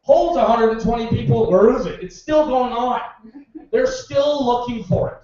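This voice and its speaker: Male stand-up comic, high-pitched and sarcastic. Echoey bar, distant dull mic. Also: normal speed, warm tone. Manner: sarcastic storytelling with profanity. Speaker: stand-up comedian, bartender. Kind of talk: stand-up comedy set. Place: small bar at an open-mic comedy night.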